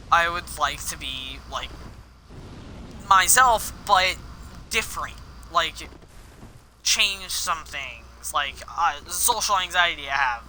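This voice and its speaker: A gaming streamer plays live, rambling candidly with personal confessions and frequent swearing. His voice is on the high side, pushed and bright, in a low-quality recording with slight background noise.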